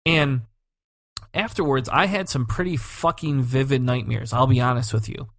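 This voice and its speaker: A man's voice: mid-range voice, moderate pace, fairly bright tone, no echo, clean studio sound. A man co-hosting a podcast in casual chat, telling a story with energy, swearing freely and acting out the quotes. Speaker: podcast co-host.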